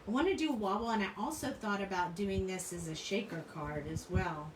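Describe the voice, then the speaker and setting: A woman's voice: mid-range voice, a little fast, slight background noise. Chatty woman crafter in an echoey room. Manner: chatty, rambling, laughs often. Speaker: crafting channel host. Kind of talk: casual chat while crafting. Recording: roomy room, mic at a distance.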